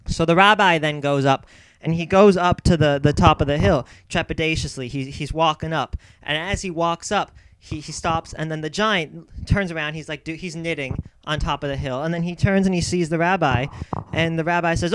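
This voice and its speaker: Brief: young man, rambling comic storyteller, smooth higher voice, dry close sound. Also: moderate pace, dry recording. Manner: rambling, self-interrupting, deadpan asides. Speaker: comedic storyteller.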